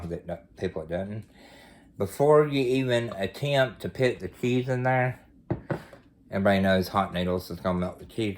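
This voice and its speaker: A man's voice: on the low side, slight background noise. A man hosting a home cooking show from his kitchen, talking in a folksy, chatty way. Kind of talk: casual cooking demonstration.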